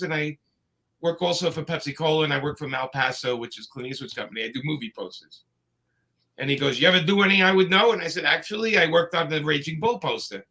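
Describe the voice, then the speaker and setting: A man tells his stories in a loose, meandering way, stopping and restarting with plenty of fillers. His voice sits a bit high and comes across bright and forceful. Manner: rambling anecdotes with many fillers and restarts. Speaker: comics creator telling stories. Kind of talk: casual storytelling chat.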